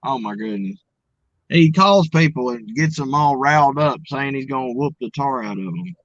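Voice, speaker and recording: A man's voice: medium pitch, animated, moderate pace, fairly bright tone, dry recording. Southern guy from arkansas, folksy, dry muffled sound. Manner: folksy, earnest explaining. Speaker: guest, coach. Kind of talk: casual interview talk.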